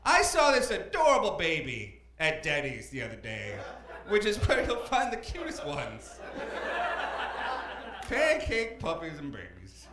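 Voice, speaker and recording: A young man performs stand-up at a club, his voice high and swinging widely in pitch. He rambles with deadpan asides and hesitant fillers into a stage mic. The room is echoey, with a live crowd all around. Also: unhurried, noisy background. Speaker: stand-up comedian. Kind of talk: stand-up comedy set.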